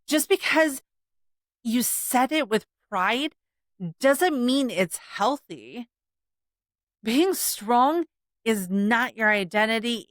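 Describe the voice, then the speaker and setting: Earnest woman podcast host, slow and emphatic. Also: mid-range voice, no echo, studio quality. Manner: earnest, emphatic, with repetition and soft laughs. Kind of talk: reflective solo podcast monologue.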